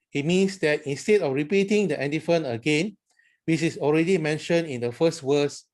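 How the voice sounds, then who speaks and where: A man teaching chant, speaking slowly and carefully as he explains each symbol. His voice sits a little high for a man, and he sounds measured and patient. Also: darkish tone. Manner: slow, careful explaining, sings chant tones on syllables. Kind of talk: instructional talk with sung chant examples.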